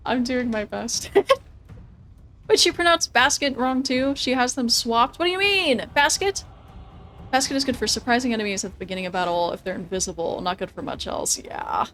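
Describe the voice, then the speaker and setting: A young woman streaming a video game, thinking out loud about tactics, laughing often and swearing casually. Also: a little high. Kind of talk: casual gameplay commentary.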